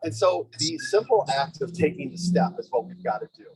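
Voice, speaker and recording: Animated man giving an event speech. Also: on the high side, a little fast, a crowd in the background, low-quality recording. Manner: animated, conversational, asks the audience "okay?" and "right?". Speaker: speaker at a community organizing event. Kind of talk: energetic storytelling speech. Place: event space with a live audience.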